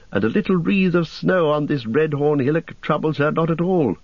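Legolas is a light-footed elf with a raised, lilting voice full of eager hope, as a male narrator puts him on. He speaks with lift and brightness over a dry, slightly dull recording. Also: a little high, slightly rough, no echo, voice pushed up.

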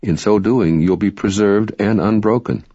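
A man reading spiritual self-help narration in a calm, measured, instructive way. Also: fairly low pitch, breathy edge, no room sound. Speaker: audiobook narrator. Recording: dry, dull lo-fi recording.

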